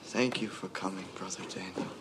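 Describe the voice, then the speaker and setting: An actor playing a zealous young male preacher in a film, commanding and given to shouting. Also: low voice, steady tone, normal speed, over music, natural voice. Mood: stern. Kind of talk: film drama.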